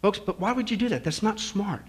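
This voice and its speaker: A man's voice: sits high, expressive, a little fast. A male pastor preaching a sermon in a church, folksy and joking, with shifting emphasis.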